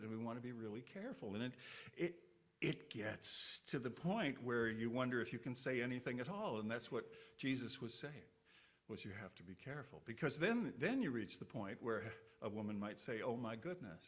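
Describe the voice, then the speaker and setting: A man's voice: mid-range voice, fairly bright tone. A man giving a short sermon to a congregation in a conversational, folksy way, with asides and restarts. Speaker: church speaker. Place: congregation hall.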